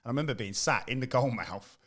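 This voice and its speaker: A middle-aged English man, a former footballer, telling lively stories on a podcast and acting out the quotes. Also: mid-range voice, a little fast. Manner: animated storyteller, acts out quotes. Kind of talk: casual chat.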